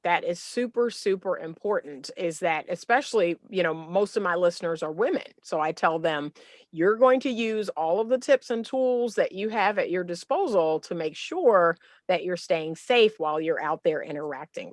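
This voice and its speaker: Low-voiced woman podcast host, dry sound. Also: dry recording. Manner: encouraging, brief affirmations. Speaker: podcast host, dating coach. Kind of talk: casual interview talk.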